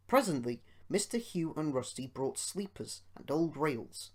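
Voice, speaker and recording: A man narrates a children's storybook at an unhurried pace. His reading is expressive and measured, with a lively, rising and falling pitch. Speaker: amateur audiobook reader.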